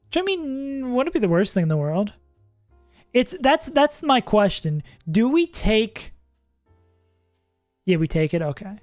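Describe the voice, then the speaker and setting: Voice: mid-range voice, sing-song, measured pace, long pauses, darkish tone, dry recording, faint music behind. A streamer casually talking through a game live, thinking aloud, laughing often and swearing now and then. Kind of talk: casual livestream commentary while playing.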